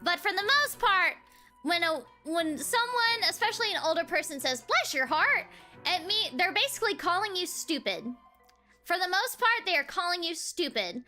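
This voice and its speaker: A woman's voice: very high voice, animated, moderate pace, bright, forceful tone, faint music behind. A young woman, streaming and chatting casually, giggling often between phrases. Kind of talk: casual livestream chat.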